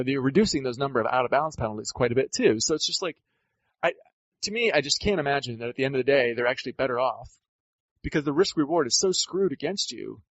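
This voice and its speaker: A man's voice: mid-range voice, no echo. Exasperated ranting man on a sports podcast. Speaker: podcast co-host. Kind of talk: casual sports podcast rant. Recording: dull lo-fi dry audio.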